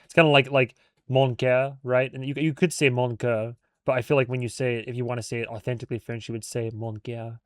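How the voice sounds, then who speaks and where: A man with a smooth, resonant voice talks through a TV episode in loose, rambling commentary. He trips over his words, restarts his sentences and laughs as he goes. The recording is close and completely dry. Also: medium pitch, flat delivery, fast, no echo. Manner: rambling, self-correcting, laughs often. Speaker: reaction video host.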